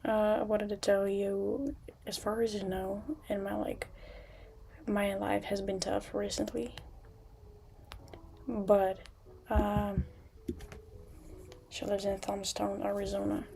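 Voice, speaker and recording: Gravelly low-key woman livestreaming at home. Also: level tone, a little hiss or hum. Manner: halting, restarts often, soft at times. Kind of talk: casual livestream chat. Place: home room with curtains.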